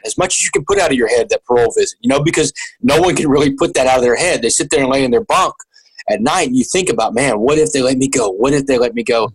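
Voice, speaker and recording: Male interview guest, mid pitch, earnest, halting storyteller. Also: husky, low-quality recording. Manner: earnest, halting with repeated restarts.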